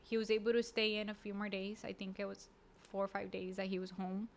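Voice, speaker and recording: A woman as a podcast guest, telling a personal story in an emotional, halting way with many fillers and restarts. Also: medium pitch, completely flat delivery, vocal fry, slight background noise. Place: podcast studio.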